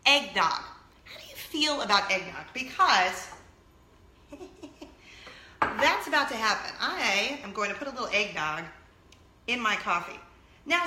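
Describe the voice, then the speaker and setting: A woman in her thirties hosting a casual talk show to camera, telling stories in an animated way and laughing often. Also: mid-range voice, roomy sound, a little hiss or hum. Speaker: vlog host.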